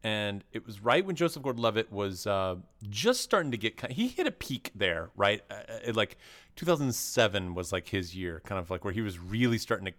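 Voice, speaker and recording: A man's voice: fairly low pitch, expressive, fairly quick, a bit bright. A man co-hosting a podcast, chatting casually about movies in a rambling way, full of restarts and crude jokes. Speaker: podcast co-host.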